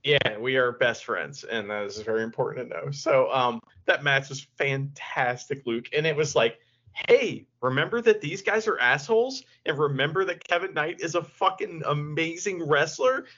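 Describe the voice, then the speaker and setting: A man co-hosting a wrestling podcast, chatting casually and excitedly, often laughing. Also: a little high, moderate pace. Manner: animated, laughing, mock-serious. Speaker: podcast co-host. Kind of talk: casual chat reviewing wrestling. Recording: dull lo-fi podcast audio.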